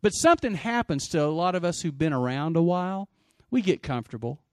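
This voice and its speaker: A pastor with a drawl preaches with big swings, bursting out loud and then dropping to a hush. His voice sits a bit high for a man. The sound is dry and close, with almost no room echo. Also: fairly quick, clean tone. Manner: animated preaching, swinging from loud exclamations to quiet asides; calls for audience response. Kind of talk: sermon.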